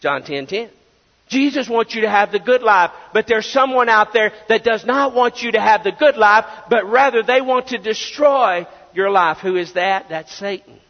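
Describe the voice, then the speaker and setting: A man preaching a sermon as pastor, emphatic and full of rhetorical questions. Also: very high-pitched. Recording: dull lo-fi audio with long reverb.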